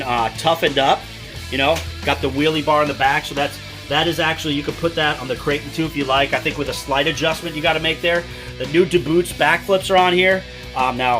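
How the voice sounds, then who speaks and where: An enthusiastic, chatty man, giving a casual product walkthrough with many fillers. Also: a little high. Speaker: RC product reviewer. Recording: music playing underneath.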